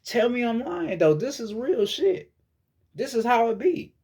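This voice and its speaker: A man's voice: very high voice, very animated, unhurried, gravelly, a little mellow, husky. A man giving a casual spiritual monologue as a vlogger, lecturing bluntly with heavy profanity and frequent repetition.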